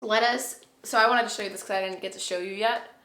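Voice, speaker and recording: A woman talks through a tarot spread to her camera in a loose, chatty way, thinking aloud and gushing now and then. Her voice is bright and sits in the middle for pitch. The room around her rings with noticeable echo. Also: steady tone, fast. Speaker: tarot reader. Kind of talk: casual tarot reading to camera. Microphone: camera mic.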